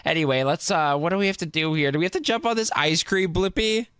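A man chatting through a video game, excitable and teasing, gasping often. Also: on the high side, fast talker, clean tone, no room sound, studio quality. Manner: excitable, teasing, frequent gasps. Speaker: gameplay commentator. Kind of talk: casual gameplay chat.

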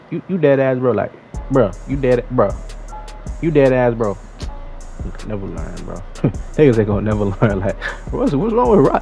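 A young man giving slangy, excitable trash-talk commentary over his own basketball video game play. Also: fairly low pitch, gravelly, poor audio. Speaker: gaming YouTuber. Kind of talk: live gameplay commentary.

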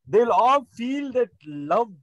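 A man's voice: very high voice, very animated, slow, a bit bright, dry recording, highs cut off. A middle-aged man preaching a sermon, rambling with many fillers and restarts. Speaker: pastor. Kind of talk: sermon teaching.

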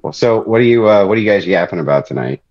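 A lower-voiced man from Ireland rants on a podcast, swearing freely and mocking his guests with exasperated sarcasm. The sound is muffled and a bit lo-fi. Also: animated, quick pace, darkish tone. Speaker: show host. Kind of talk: ranting podcast banter.

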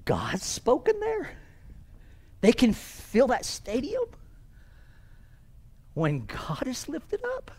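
A man preaching who quotes a tearful visiting missionary in a soft, hushed, wondering voice. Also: mid-range voice, sing-song, normal speed, pitched below the performer's own voice. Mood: hushed awe.

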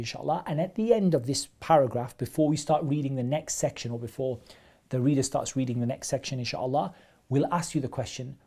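Gravelly-voiced man teaching a religious lesson. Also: mid-range voice, dark tone. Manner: repeats phrases for emphasis, explains step by step. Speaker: Islamic studies teacher. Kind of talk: live online lesson explaining hadith.

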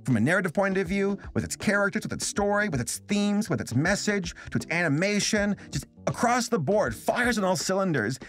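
An American man giving a casual video review, loose and joking, rambling with fillers. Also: on the high side. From United States. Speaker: online film reviewer.

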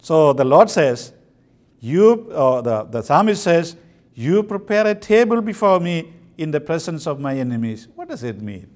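A man from India giving a slow, emphatic sermon with pauses at a convention. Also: on the high side, big pitch swings, a little mellow. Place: convention hall.

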